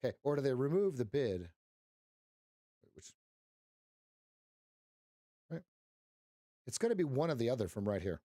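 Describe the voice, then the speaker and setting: A man's voice: mid-range voice, sing-song, measured pace, pauses often, dark tone, no echo, clean studio sound. A man giving live trading commentary on a stream, wry and teasing as he talks to his chat.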